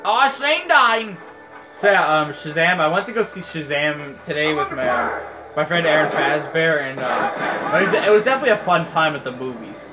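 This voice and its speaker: A man giving casual, rambling and excitable commentary on a game he is playing. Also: a little high, a little fast. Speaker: let's play host. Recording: voice over game music.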